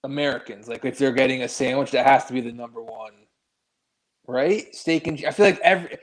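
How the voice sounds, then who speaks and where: A man in relaxed banter, dry and wry, at a middle pitch. He trips over his own starts and swears without much thought. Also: fairly quick, rough recording. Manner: wry, hesitant restarts, casual swearing. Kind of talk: casual chat.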